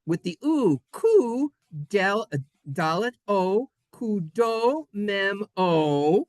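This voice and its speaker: A man's voice: sits high, very animated, very slow, no room sound. A man teaching Hebrew in a playful class, goofy and self-mocking, spelling words out letter by letter. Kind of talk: playful online class lesson.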